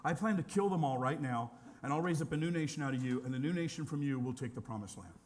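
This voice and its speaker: A man voicing God as an exasperated, blunt figure who speaks quickly and offhandedly. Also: medium pitch, a little mellow, natural voice.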